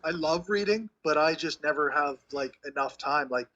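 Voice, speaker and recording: A man speaking in a relaxed, reflective way in a casual chat. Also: a little high, normal speed. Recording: dull lo-fi audio.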